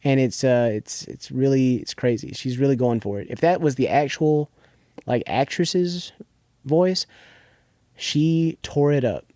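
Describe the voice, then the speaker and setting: A young man co-hosting a podcast casually recaps a TV episode in a medium-pitched, unhurried voice with a dark tone. He rambles, restarts often, and leans on filler words. The recording is dry and studio quality.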